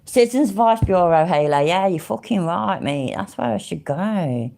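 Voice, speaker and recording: A woman's voice: fairly low pitch, expressive, normal speed, gravelly, warm tone. A woman hosting a live stream, chatting and reacting with sweary, laughing, mock-offended banter. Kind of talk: casual live-stream commentary.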